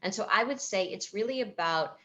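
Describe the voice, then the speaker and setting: A woman's voice: mid-range voice, animated, a little fast, a bit bright, dull audio. A woman psychotherapist speaking at a virtual event over a video call, answering questions in a thoughtful, explanatory way with frequent fillers and restarts. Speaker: psychotherapist and author.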